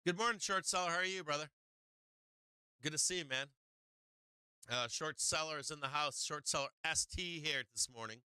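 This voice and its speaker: A man's voice: fairly high pitch, moderate pace, long pauses, clear, resonant tone, dry recording. A middle-aged man hosting a live stock market stream, chatting casually with viewers and swearing freely. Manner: excitable, swears freely, talks to chat. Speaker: stock market livestream host. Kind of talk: casual live trading commentary.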